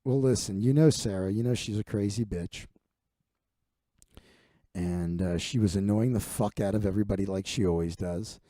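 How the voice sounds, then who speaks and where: A man playing a weary middle-aged bar owner who talks low and hesitantly, with many ums. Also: moderate pace, warm tone, no room sound, natural voice.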